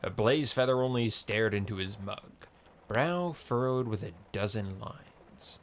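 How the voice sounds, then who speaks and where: A man narrating an audiobook story in a measured, descriptive way. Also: lowish voice, a little hiss or hum.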